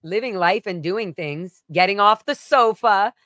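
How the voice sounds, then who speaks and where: A woman's voice: mid-range voice, a little slow, fairly bright tone, dry recording, studio quality. A woman singer being interviewed over a video call, talking casually in loose, rambling sentences with plenty of swearing.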